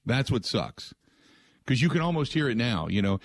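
Guy hosting sports talk radio, fired up and rhetorical, mid-pitched voice, dead dry studio. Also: normal speed, no echo. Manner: animated and rhetorical, mocking the answers he expects.

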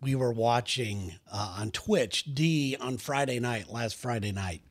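A man hosts a casual chat show with a slightly husky voice. He teases his co-host in easygoing, joking banter. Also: medium pitch, a little slow, no room sound, clean studio sound. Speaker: podcast co-host.

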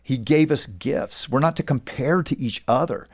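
A man's voice: medium pitch, moderate pace. A man, a pastor and author, earnestly recounting stories as a guest in a faith interview. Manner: earnest, storytelling.

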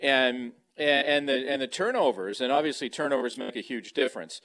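Here the man's mid-range voice runs a little fast, with a fairly bright tone. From his home by the kitchen, the sports talk radio guest chats loosely about football over a handheld remote mic, wandering and starting over again and again.

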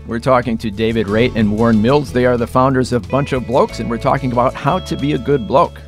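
A man hosting a radio talk show with a smooth, friendly delivery. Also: mid-range voice, fairly quick, faint music behind. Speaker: radio host.

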